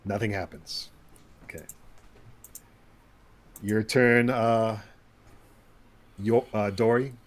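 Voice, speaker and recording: Rambling low-voiced male game master. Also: fairly even intonation, takes it slowly, long pauses. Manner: loose, rambling with many restarts and fillers. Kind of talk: running a tabletop game.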